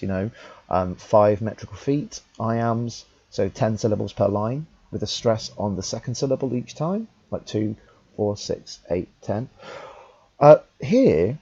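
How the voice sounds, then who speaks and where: A young man teaching, talking through a text in a relaxed, conversational way with fillers and restarts. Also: on the low side, normal speed, breathy edge, highs cut off. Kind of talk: talkthrough lesson.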